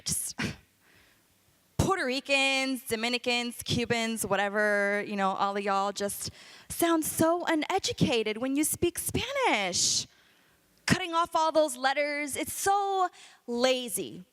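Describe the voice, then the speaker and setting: A woman with a high, bright voice quoting a dismissive young man who looks down on how others speak. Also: expressive, takes it slowly, heavily acted. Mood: condescending. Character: young man, condescending, dismissive about accents.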